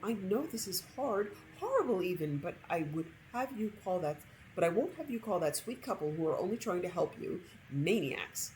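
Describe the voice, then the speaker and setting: A woman's voice: fairly low pitch, sing-song, moderate pace, few pauses, a little mellow, a little hiss or hum, poor audio. A woman voicing a shy, earnest teenage girl who talks in an apologetic way. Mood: fierce.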